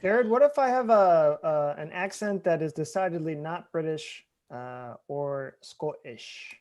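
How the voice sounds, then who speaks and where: A man's voice: on the high side, unhurried, a little mellow. A man on a casual group video call, explaining in a matter-of-fact way. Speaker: improv performer.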